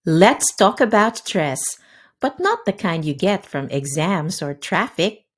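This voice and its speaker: A woman hosting a scripted language lesson, upbeat and crisply enunciating, giving drill words slowly one at a time. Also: fairly low pitch, big pitch swings. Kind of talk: scripted instructional narration. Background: faint background music.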